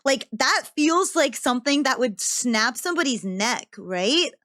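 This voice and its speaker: A woman's voice: high voice, very animated, a little slow, fairly bright tone. A woman streaming a live video reaction, giggly and repeating lines for effect, on a close mic. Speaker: VTuber streamer.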